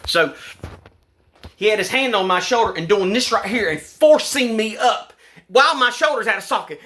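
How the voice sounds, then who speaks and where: A man's voice: sits high, animated, moderate pace, pushed and bright. Heated man ranting to camera. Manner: heated, repeats words and restarts, swears. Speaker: vlogger. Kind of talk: agitated rant to camera.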